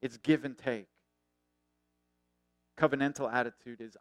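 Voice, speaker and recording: Middle-aged male pastor, earnest sermon delivery, smooth resonant voice, soft drops to near-whisper. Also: mid-range voice, steady tone, normal speed, long pauses, no echo. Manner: earnest preaching that swells and then drops to a hush.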